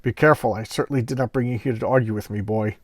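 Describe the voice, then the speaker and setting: A man's voice: medium pitch, fairly even intonation, fast talker, no room sound, lightly acted. A man reading the lines of an ancient, arrogant male cosmic tyrant king in a cold, commanding way, close to his own voice. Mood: stern.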